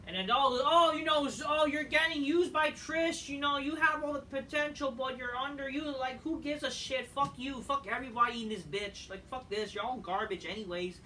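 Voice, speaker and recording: Foul-mouthed wrestling reviewer, scornful rant, bright edgy tone, recorded a bit far from the mic. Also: high voice, moderate pace, few pauses. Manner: crude, scornful, ranting, swears constantly. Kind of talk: profane ranting recap. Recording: distant mic with faint noise.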